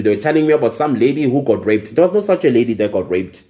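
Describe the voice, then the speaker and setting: A man's voice: medium pitch, very animated, quick pace, few pauses, dark tone. Angry man ranting. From South Africa. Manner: indignant, emphatic, repeats phrases for emphasis. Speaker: vlogger. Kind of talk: angry personal vlog rant.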